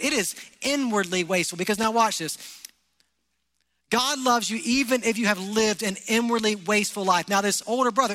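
A man's voice: sits high, sharp tone. A man, a pastor, preaching a sermon in a church, emphatic and full of rhetorical questions to the congregation. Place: church hall. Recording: long hall reverb.

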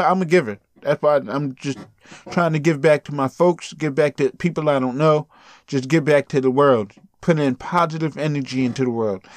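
A young man hosting his own podcast, talking casually and warmly to his listeners, cursing freely as he signs off. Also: fairly high pitch, no room sound, studio quality. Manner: laid-back, swears freely, talks straight to listeners. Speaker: podcast host. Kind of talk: casual solo podcast outro.

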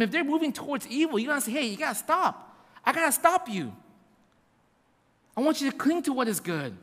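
A man preaching a sermon as pastor, animated and repetitive, acting out little asides. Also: extremely high pitch, in a large hall.

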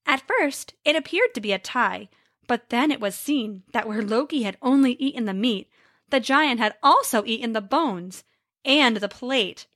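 A woman telling a storybook tale aloud with an expressive, lively reading. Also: a little high, normal speed, no echo, studio quality.

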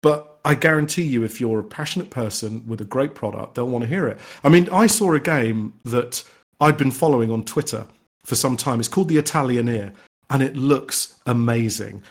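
A man's voice: medium pitch, moderate pace. A man, an independent game developer, answering podcast interview questions eagerly, often restarting his sentences. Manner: enthusiastic, rambling with frequent restarts. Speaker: indie game developer guest.

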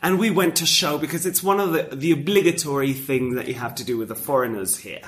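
A man's voice: on the high side, quick pace, fairly bright tone. A young man from Spain, chatting casually and telling a story, restarting sentences and laughing often. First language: Spanish.

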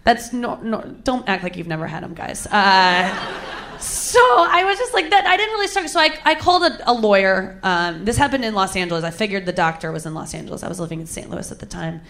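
A woman's voice: mid-range voice, lively intonation, quick pace, hardly any pauses, fairly bright tone, slight background noise. Woman, young adult, comedic storyteller, candid, crude, self-mocking.

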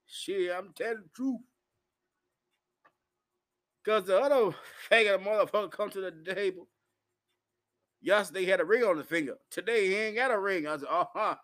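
A man's voice: high-pitched, moderate pace, pauses often, a bit bright. A man, rambling profanely through a live-stream monologue while intoxicated. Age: 40s. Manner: profane, rowdy, loose storytelling.

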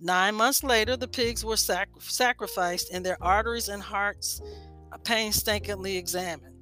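A woman's voice: medium pitch, unhurried, pushed and bright, faint music behind. A woman hosting a health talk, reading an article aloud with frequent stumbles and self-corrections. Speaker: health podcast host.

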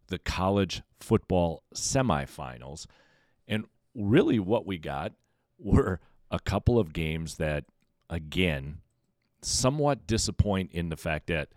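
A man's voice: low voice, a little mellow, dry recording, clean studio sound. A man hosting a solo sports podcast, giving emphatic, opinionated commentary that sometimes stumbles over repeated words. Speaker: podcast host.

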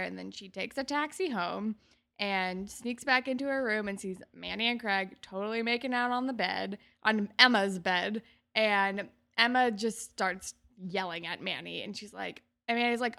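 Bright gravelly woman recapping a show. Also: moderate pace. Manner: animated, acts out characters' lines with big pitch jumps. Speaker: podcast co-host. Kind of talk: casual recap chat.

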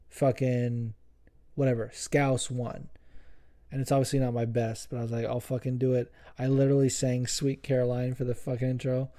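A man's voice: mid-range voice, dark tone. A man hosting a solo podcast in a rambling, profane, casual chat, often correcting himself. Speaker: podcast host.

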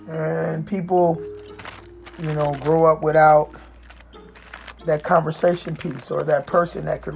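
A woman with a low voice tells a personal story in a loose, reflective way. She circles back often, leaning on "you know" and restarting her sentences, while faint music plays behind her. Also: vocal fry, a little mellow. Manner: rambling, with frequent "you know" fillers and restarts. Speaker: speaker sharing life story.

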